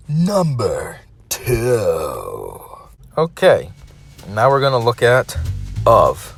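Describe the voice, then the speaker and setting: A man hosting a casual solo video, reading dictionary definitions aloud and breaking off now and then to complain. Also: medium pitch. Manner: reads definitions flatly, breaks off to complain and laugh.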